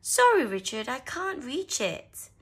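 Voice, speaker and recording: A gentle, patient mother rabbit from a children's storybook, read aloud by a woman. She speaks slowly and kindly, a little higher than the reader's usual voice. Her pitch moves with a lively rise and fall. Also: breathy edge, heavily acted.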